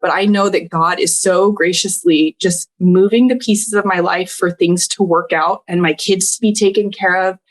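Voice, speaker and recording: A woman's voice: lowish voice, fairly even intonation, normal speed, few pauses. A woman in her thirties, a podcast guest, telling an emotional personal story with earnest, heartfelt feeling, often close to tears and laughing through it.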